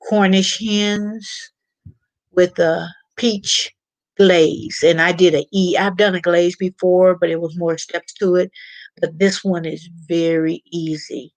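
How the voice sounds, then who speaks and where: A woman hosting a casual livestream, chatting in a halting way and often repeating her words as she reads the chat. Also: lowish voice, no room sound. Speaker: YouTube livestream host.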